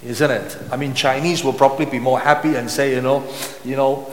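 A man preaching a sermon, reading Bible verses slowly and breaking off to explain them with asides and rhetorical questions. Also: medium pitch, steady tone, slight background noise. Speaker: pastor. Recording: echoey hall.

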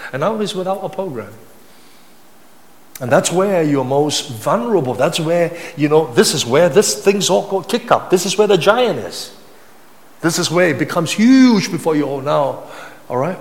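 Emphatic preacher man in a reverberant hall. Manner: emphatic preaching, rising to high-pitched intensity, with repetition. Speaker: pastor. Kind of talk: sermon.

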